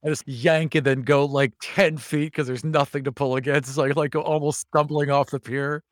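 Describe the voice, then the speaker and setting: Lively male player at a tabletop game. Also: on the high side, moderate pace, no room sound, clean studio sound. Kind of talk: playing a tabletop game, casual chat.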